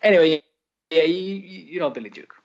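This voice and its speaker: A man co-hosting a podcast in casual chat, riffing in a laid-back, halting way with frequent swearing. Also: on the high side, expressive, muffled recording. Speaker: podcast co-host.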